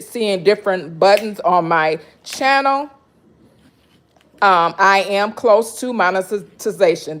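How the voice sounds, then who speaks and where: Cutting fruit and making juice in her home kitchen, a woman with a medium-pitched voice talks casually to her live-stream viewers, greeting them by name and laughing a lot.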